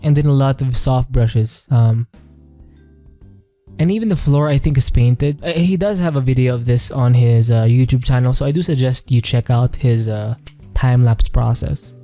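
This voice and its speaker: A man's voice: mid-range voice, moderate pace, soft background music. A man giving casual, rambling commentary on artwork, full of fillers and hedging phrases. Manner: relaxed, rambling, many fillers and "kind of". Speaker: artist reviewing artwork.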